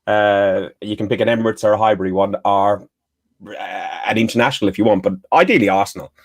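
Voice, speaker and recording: A man's voice: fairly low pitch, fairly even intonation, a little fast, no room sound, clean studio sound. A man hosting a casual football podcast, putting easygoing questions to his guests. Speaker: podcast host. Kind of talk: casual chat, asking questions.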